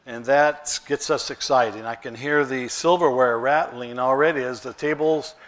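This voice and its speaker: A man's voice: mid-range voice, steady tone, moderate pace, fairly bright tone. A male pastor, preaching a sermon in a conversational way with rhetorical questions.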